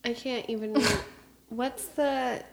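Enthusiastic young woman, slightly high voice. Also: fairly even intonation, takes it slowly, creaky. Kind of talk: casual chat.

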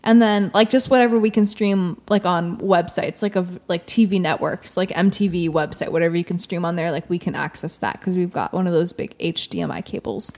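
A woman's voice: lowish voice, fairly even intonation, brisk, hardly any pauses, darkish tone. Young woman co-host, casual and rambling, heavy on "like". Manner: rambling, fills speech with "like". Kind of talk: casual chat.

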